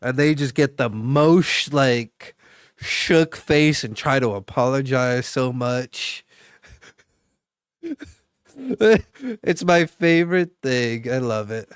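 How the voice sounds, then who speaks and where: Young male streamer, rambling casual chat with viewers, smooth clear voice, dry close sound. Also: mid-range voice, animated, takes it slowly, long pauses, no room sound. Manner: rambling, chatty, full of fillers and restarts.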